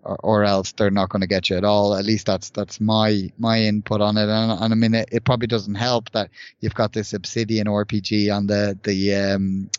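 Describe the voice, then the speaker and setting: A man's voice: on the low side, little pitch movement, moderate pace, few pauses, clear, resonant tone, dry recording, lo-fi sound. A man co-hosting a casual gaming podcast, rambling with many restarts. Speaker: podcast co-host.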